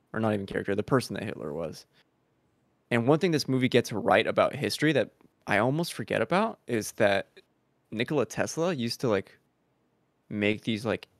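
Gravelly, lively-voiced podcast man. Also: medium pitch, dry recording. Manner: rambling, full of likes. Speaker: podcast co-host. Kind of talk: casual podcast chat.

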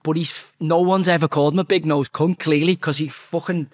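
A man's voice: on the high side, fairly even intonation, fairly quick, darkish tone. A man in his forties, a former footballer telling a story as a podcast guest, blunt and heavily profane. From England. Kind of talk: casual storytelling.

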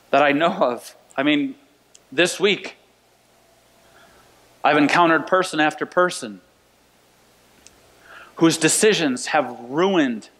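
A man's voice: on the high side, a bit bright. A male pastor preaching a conversational sermon in a church sanctuary, repeating key phrases for emphasis. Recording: long reverb of a church hall.

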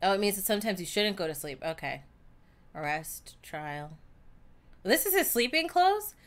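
With a medium pitch, big pitch swings, and a moderate pace, a woman provides casual let's-play commentary on a story game she's streaming. Chatty and outspoken, she reacts loudly to the story.

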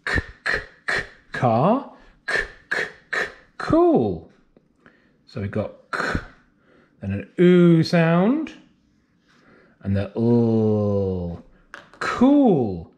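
A man teaching a phonics lesson to young children, drawing out letter sounds slowly and clearly. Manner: slow, drawn-out sounds with lively, sing-song pitch. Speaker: nursery teacher. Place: classroom or home, recorded for remote learning.

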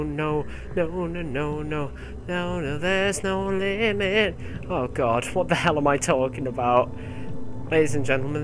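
A man hosting a gaming video, commenting casually with excitable, swearing, panicky outbursts. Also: on the high side.

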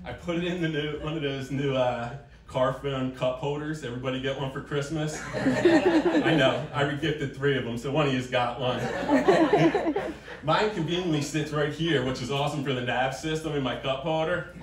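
A man with a fairly high voice tells crude stories on a comedy club stage and breaks into loud, shouted outbursts. He sounds distant in an echoey room, and a crowd laughs loudly around him. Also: big pitch swings, moderate pace. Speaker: stand-up comedian. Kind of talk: stand-up comedy set. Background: laughing audience.

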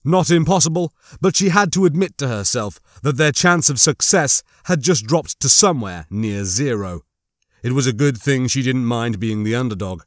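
In clean, echo-free studio sound, a male narrator reads a scripted audiobook with calm, even delivery. He has a mid-range voice and keeps a moderate pace.

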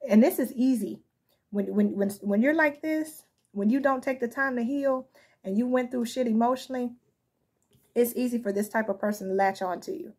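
A woman's voice: medium pitch, darkish tone, breathy edge. A woman giving a casual spoken tarot reading, talking frankly and conversationally and often asking "you know what I'm saying.". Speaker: tarot reader.

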